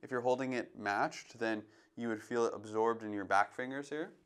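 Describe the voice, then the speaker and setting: A man teaching jazz drumming, calmly coaching and counting beats aloud between demonstrations. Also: medium pitch, moderate pace, very noisy. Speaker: drum teacher. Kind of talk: instructional demonstration. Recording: drums playing behind the voice. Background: drum playing between phrases.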